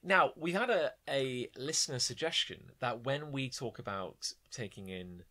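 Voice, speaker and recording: A man's voice: medium pitch, unhurried. A man co-hosting a podcast, telling rambling stories and acting out quotes in casual chat. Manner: rambling, animated storytelling with acted-out quotes. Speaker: podcast co-host.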